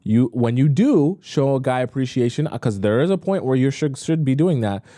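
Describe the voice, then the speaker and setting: A man's voice: moderate pace, dry recording, studio quality. A man giving dating advice to women in a casual, talkative way as host of his own channel. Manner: casual, animated, jokes with mocking high voices.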